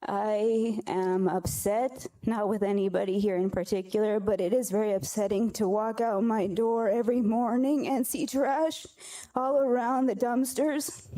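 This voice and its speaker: Woman public commenter, tearful and earnest, mellow tone, at a podium mic in a council chamber. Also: on the high side. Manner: earnest, halting, apologetic. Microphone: podium microphone.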